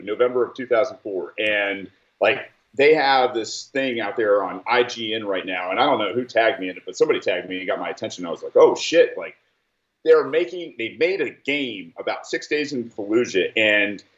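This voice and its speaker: Man in his thirties, podcast host, blunt and profane, echoey room, voice set back from the mic, muffled sound. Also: lowish voice. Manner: heated, profane storytelling with exaggerated quotes. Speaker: podcast host, military veteran. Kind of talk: casual chat. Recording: roomy, distant, dull-sounding mic.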